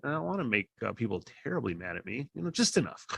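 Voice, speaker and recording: Rambling, foul-mouthed podcast host. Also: male voice, mid-range voice, sing-song, fast, vocal fry, sharp tone, slightly rough, no room sound. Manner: profane, rambling storytelling with many fillers and laughs. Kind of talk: casual monologue. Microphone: podcast microphone.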